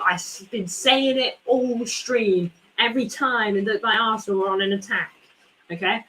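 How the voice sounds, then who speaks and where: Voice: mid-range voice, moderate pace, sharp tone, a little hiss or hum, low-quality recording. A football fan hosting a live watchalong stream, ranting in frustration with many rhetorical questions and repeated points. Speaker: fan channel host.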